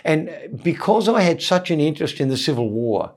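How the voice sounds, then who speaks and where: An older man with an Australian accent telling jokey anecdotes in an interview, animated, with stammered restarts and quick voice impressions. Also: fairly high pitch. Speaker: comedian, guest.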